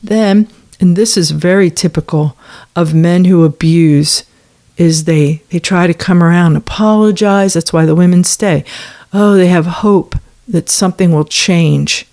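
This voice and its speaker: A woman's voice: lowish voice, a little slow, warm tone. Indignant woman making sarcastic commentary. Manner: rhetorical questions to listeners. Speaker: commentator on a former church. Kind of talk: reaction commentary, reading messages aloud.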